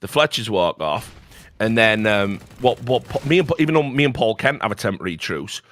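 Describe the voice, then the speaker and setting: A man's voice: fairly low pitch, animated, a bit bright. A middle-aged man, telling a story as a talk show host in a blunt way, with lots of swearing. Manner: profane, blunt, fast-flowing anecdote with lots of swearing. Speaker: podcast host.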